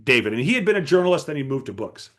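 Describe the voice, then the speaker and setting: A man lecturing a writers' group with a high, lively voice that swings widely in pitch. He speaks emphatically, posing rhetorical questions and repeating key phrases. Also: very fast. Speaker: writing coach giving a talk.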